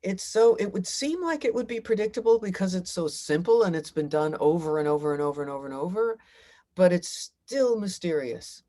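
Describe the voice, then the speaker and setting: A woman's voice: fairly low pitch, expressive, fairly quick, warm tone. A middle-aged woman, a singer-songwriter, talking reflectively in a casual interview.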